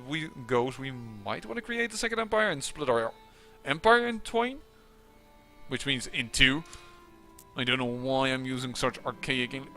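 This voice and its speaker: A man's voice: fairly high pitch, pushed and bright. A man giving casual, musing commentary on a strategy game, with occasional exasperated outbursts. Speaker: let's play commentator.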